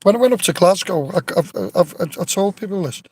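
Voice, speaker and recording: A man telling stories in a relaxed live stream, swearing freely and restarting his sentences, recorded on a phone outdoors. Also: high voice, fairly quick, slightly rough, poor audio. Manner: rambling storyteller, swears freely, many restarts. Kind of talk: casual live-stream chat. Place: outdoors near an old tree.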